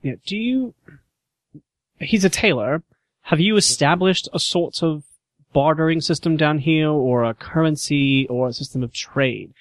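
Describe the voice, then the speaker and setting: A man's voice: a little high, a little slow, no echo. A man voicing a curious, polite time-travelling Doctor who asks questions courteously. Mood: inquisitive. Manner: inquisitive, courteous.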